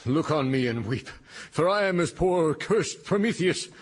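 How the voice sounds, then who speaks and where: A man's voice: a little high, lively intonation, unhurried, over music. An actor playing a pompous, self-pitying unemployed father in a radio comedy, speaking in grand theatrical phrases.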